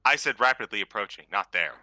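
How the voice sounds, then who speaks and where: A man's voice: fairly low pitch, expressive, quick pace, sharp tone, dry recording. A man making announcements to the audience in a playfully dramatic way. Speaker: player announcing a campaign. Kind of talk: casual stream announcement.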